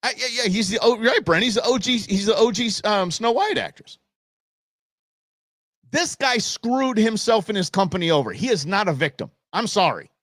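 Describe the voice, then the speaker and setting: Middle-aged guy ranting on his live show, pitch jumping all over, dry close sound. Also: animated, normal speed, a bit bright, no echo. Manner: blunt, exasperated, ranting. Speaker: talk show host. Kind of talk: opinionated live show rant.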